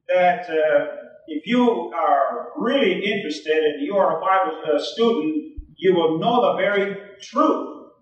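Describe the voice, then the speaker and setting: A man's voice: sits high, muffled recording. A man preaching a sermon as pastor, emphatic, reading scripture aloud to his congregation. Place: church. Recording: echoey, distant 1980s church recording.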